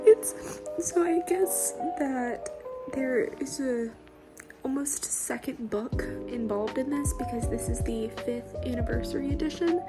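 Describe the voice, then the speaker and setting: A woman's voice: high-pitched, fairly even intonation, unhurried, over loud music. A woman chatting casually on a video blog about books she is reading, gushing and emotional, with many fillers. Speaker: book reviewer. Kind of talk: casual vlog book reactions.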